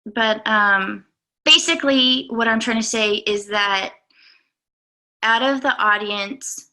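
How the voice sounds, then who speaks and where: A young adult woman, a golf coach, giving an earnest, halting talk to her students with many pauses and fillers. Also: on the high side, bright, forceful tone. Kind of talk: speech to students.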